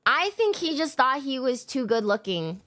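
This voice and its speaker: A young adult woman streamer telling a story in casual chat, animated, self-mocking and swearing a lot. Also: high-pitched, moderate pace.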